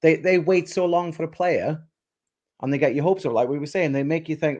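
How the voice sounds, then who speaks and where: Give me a quick-talking man chatting eagerly on a live stream. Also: a little high, darkish tone, muffled recording. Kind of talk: casual live-stream chat.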